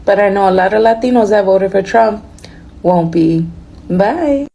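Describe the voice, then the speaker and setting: Woman, mellow warm tone, sarcastic gloating commentator. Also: medium pitch, measured pace, creaky. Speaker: social media commentator. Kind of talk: reaction video commentary.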